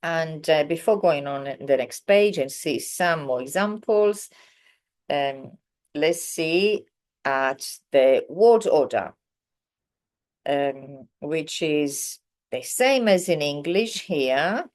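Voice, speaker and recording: A woman teaches a beginners' language lesson in a casual, patient way, often pausing with ums and correcting herself. Her voice sits very low and she speaks slowly. She walks through examples one at a time. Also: lively intonation, a little mellow. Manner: explains patiently with frequent ums and self-corrections. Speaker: Italian teacher.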